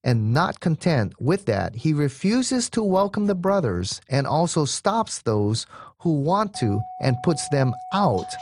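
A man's voice: a little high, sing-song, slow pace, darkish tone, no echo. A man, a pastor, giving a radio sermon through personal stories in a conversational way, often adding "you know" asides.

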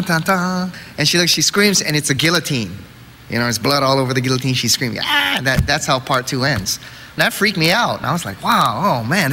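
Animated middle-aged preacher, bright voice. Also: male voice, a little high. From Hawaii. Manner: animated, acts out quotes and sound effects. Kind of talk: storytelling sermon. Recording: reverberant hall, faint noise.

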